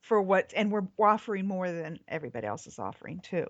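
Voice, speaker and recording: A woman's voice: on the low side, very animated, fast talker, dry recording. Chatty woman tour guide on a dull line. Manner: chatty, lists items with many fillers. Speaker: tour company owner, podcast guest. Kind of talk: casual chat.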